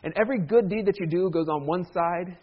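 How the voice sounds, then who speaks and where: A man's voice: sits high, brisk, lo-fi sound. A man preaching a sermon as a pastor, talking in a conversational way with humorous asides.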